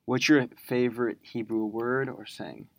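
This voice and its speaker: A host asking quick, teasing questions in a casual interview. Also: medium pitch, steady tone, no echo. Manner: teasing, rapid-fire questions.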